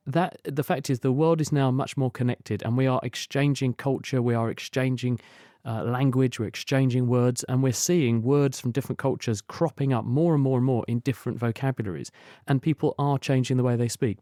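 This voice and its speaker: A man's voice: mid-range voice, mellow, no echo, clean studio sound. A man who is a science expert, fluently explaining answers to listeners' questions on a radio call-in show.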